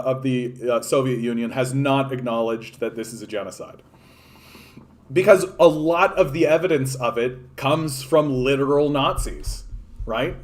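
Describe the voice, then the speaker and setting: A man, streaming and ranting loosely about politics, swearing freely and reacting to chat. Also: medium pitch. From Canada. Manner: profane, animated, filler-heavy, reacting to chat. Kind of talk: casual political rant.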